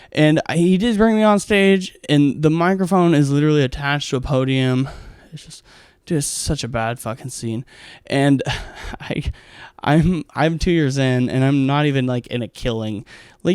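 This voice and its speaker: A man's voice: mid-range voice, clear, resonant tone, no echo, clean studio sound. A man, a stand-up comic, telling stories in a casual, rambling monologue full of swearing and fillers. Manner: rambling, profane, heavy with fillers.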